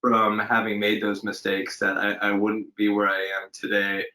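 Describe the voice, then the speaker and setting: A man with a fairly low voice talks through his answers slowly and reflectively. He hesitates, restarts his sentences and fills the pauses with "um". The talk is casual, recorded at home for an interview. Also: monotone, sharp tone, poor audio. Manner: thoughtful, hesitant, many fillers and restarts. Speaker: actor guest. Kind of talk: casual interview over video call. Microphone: home setup during lockdown.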